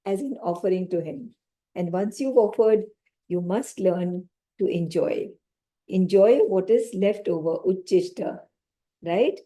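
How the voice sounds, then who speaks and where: A woman giving a lecture on scripture, explaining slowly, repeating key phrases and asking her small audience questions. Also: mid-range voice, mellow. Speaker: spiritual teacher.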